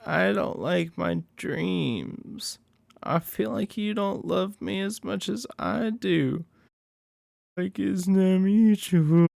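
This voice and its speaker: Man imitating a clingy creepy young woman, breathy falsetto, raised pitch, gravelly edge. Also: slow, a little mellow, no echo, clean studio sound, full character voice. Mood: pleading. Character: clingy unsettling young woman, eerily sweet.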